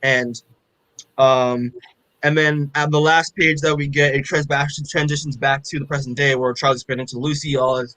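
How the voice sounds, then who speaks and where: His bright, forceful voice sits at medium pitch, with little pitch movement and a normal speed. As a podcast co-host, he recaps a comic in a loose, rambling way, full of fillers and swearing. The recording has no room sound and is low quality.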